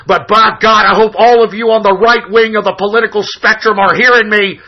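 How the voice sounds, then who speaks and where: A man's voice: high voice, steady tone, brisk, dull audio. A man hosting an internet political radio show, talking in a profane, emphatic, intense way. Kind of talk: political call-in show monologue.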